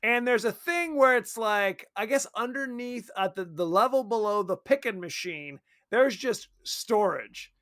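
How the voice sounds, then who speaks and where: A man co-hosting a casual movie podcast, animated and acting out characters' lines. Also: sits high, a little slow, hardly any pauses. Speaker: podcast co-host.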